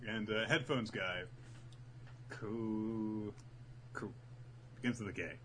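A man's voice: lowish voice, steady tone, takes it slowly, a bit bright, slight background noise. A man casually recapping episodes as a podcast co-host, acting out the characters' lines as he tells the story. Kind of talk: casual chat.

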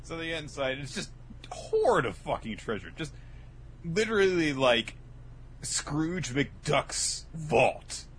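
A man's voice: on the high side, sing-song, slow, fairly bright tone, slight background noise. A man co-hosting a casual comedic podcast, swearing freely and acting out lines in exaggerated voices. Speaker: podcast co-host.

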